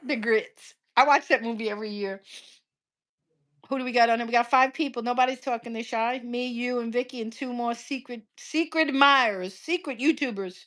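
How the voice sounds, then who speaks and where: A woman's voice: on the high side, brisk, a bit bright. A middle-aged woman hosting a casual livestream chat, bubbly and teasing, laughing often. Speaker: host.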